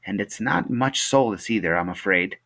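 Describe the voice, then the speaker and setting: A man voicing a gentle, sorrowful elderly woman in a storybook reading. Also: on the low side. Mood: tender. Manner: soft, slow, tender. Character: old woman Mrs Griffin, gentle and sad.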